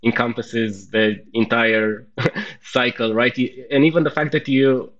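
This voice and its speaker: A man answering as a guest on a podcast, explaining things step by step, often checking in with "right?" and pausing on "uh". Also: mid-range voice, fairly even intonation, fairly bright tone, dull audio. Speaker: podcast guest, customer success executive. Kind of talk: conversational interview answers.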